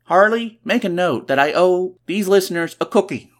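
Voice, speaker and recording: A man hosting a podcast, recapping a comic book with sarcastic, joking asides and sudden bursts of excitement. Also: high voice, normal speed. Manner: excitable, swings between loud and quiet. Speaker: podcast host.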